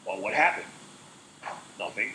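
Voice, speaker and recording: A man's voice: lowish voice, expressive, a little slow, bright, forceful tone, echoey room, slight background noise, poor audio. A man co-hosting a casual talk show, rambling with many fillers. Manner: rambling, full of "like" and "uh". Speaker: co-host. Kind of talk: casual chat.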